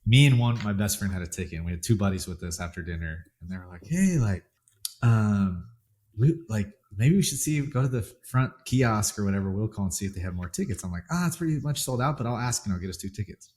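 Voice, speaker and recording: A man's voice: on the low side, quick pace, darkish tone. A man hosting a podcast, telling rambling anecdotes in a casual, chatty way. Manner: rambling anecdotes, lots of fillers and restarts. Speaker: podcast host. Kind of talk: casual chat.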